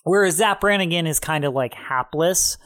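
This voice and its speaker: A man co-hosting a podcast in casual chat, relaxed and laughing often as he recaps. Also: a little high, moderate pace. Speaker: podcast co-host.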